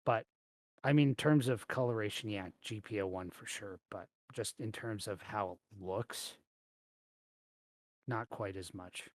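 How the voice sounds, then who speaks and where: A man co-hosting a casual podcast chat over a video call, talking in an animated, jokey way. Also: on the low side, unhurried, no room sound. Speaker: podcast co-host.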